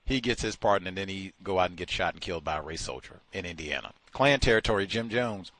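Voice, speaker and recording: A man's voice: low voice, animated, quick pace, a bit bright, no echo, low-quality recording. A man hosting a call-in talk show, delivering sardonic, emphatic commentary.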